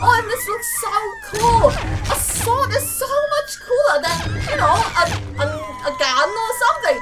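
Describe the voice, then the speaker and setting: A woman playing a video game and commenting excitedly, laughing and shouting often. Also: very high-pitched, moderate pace, hardly any pauses. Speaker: gamer. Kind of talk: let's play commentary. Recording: distant mic with game music. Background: game music.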